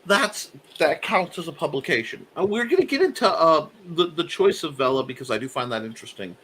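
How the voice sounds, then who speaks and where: Lively bright-voiced man hosting a chat. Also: a little high, a little fast, slight background noise. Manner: animated, laughing, frequent fillers and restarts. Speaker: host. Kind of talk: casual chat.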